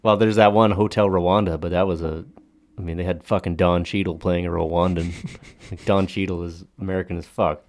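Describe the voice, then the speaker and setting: A man's voice: low-pitched, steady tone, a little fast, a little mellow. A man co-hosting a podcast, chatting casually over drinks, cracking crude jokes, swearing freely and laughing often. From Alberta, Canada. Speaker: podcast co-host.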